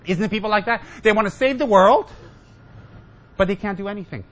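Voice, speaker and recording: Buddhist teacher guy giving a joking dharma talk, higher voice, teases the crowd a lot. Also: a little fast, a bit bright. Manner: joking, teasing, mimics his students. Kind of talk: humorous Dharma talk to a congregation.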